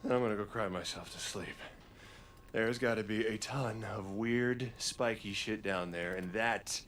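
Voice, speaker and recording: A tired gruff game dude, low gravelly drawl, super slow. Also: male voice, fairly bright tone, faint music behind. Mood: weary. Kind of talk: video game dialogue.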